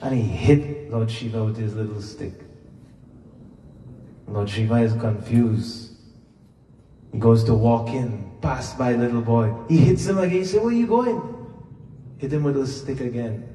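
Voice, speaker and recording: Preacher telling a scripture story in an echoey hall. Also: male voice, mid-range voice, mellow, recorded from a distance, a little hiss or hum. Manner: retells scripture with acted dialogue, slow and deliberate. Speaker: Hindu preacher. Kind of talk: devotional storytelling sermon. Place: temple hall during a festival.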